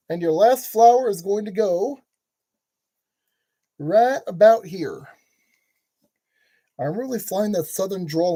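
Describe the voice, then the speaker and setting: A channel host with a high voice and dark tone gives building instructions in a casual tutorial. He is chatty and jokey, talking to himself while he works.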